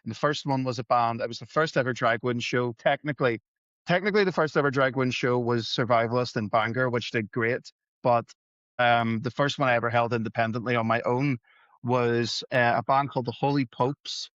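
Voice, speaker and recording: A man's voice: mid-range voice, fairly bright tone, no echo. A man talks as a podcast guest, rambling through his stories with self-deprecating humor and acting out the lines of people he quotes. His recording sounds dry and a little dull, with no room around it. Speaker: podcast guest, musician and gig promoter. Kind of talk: casual storytelling.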